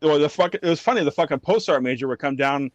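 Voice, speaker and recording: A man's voice: fairly high pitch, very fast, highs cut off, crowd noise. A man who is a former army drill sergeant, telling blunt, profane stories in a casual podcast chat.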